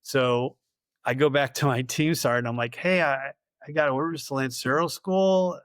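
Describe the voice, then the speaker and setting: A middle-aged man spins long, rambling stories as a podcast guest, slipping into quoted back-and-forth and chuckling along the way. His voice sits at an ordinary pitch for a man. The recording is close and dry, with no room sound. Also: moderate pace, fairly bright tone, smooth, no room sound. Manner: rambling anecdotes with acted-out quoted dialogue, laughing often. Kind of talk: casual storytelling interview.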